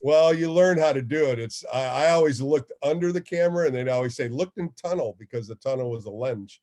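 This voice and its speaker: Speaking a little fast in a mid-range voice, an ex-ballplayer turned radio host spins stories during a relaxed interview, performing the dialogue of those he quotes with lively animation.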